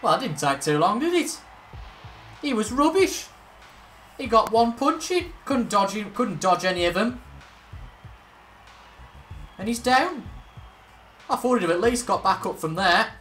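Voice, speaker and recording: A man's voice: high-pitched, very animated, unhurried, long pauses, a bit bright, faint music behind. A young man casually commentating on a video game, chatty and self-mocking, reacting aloud as he plays. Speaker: gaming video host. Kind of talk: casual let's-play commentary.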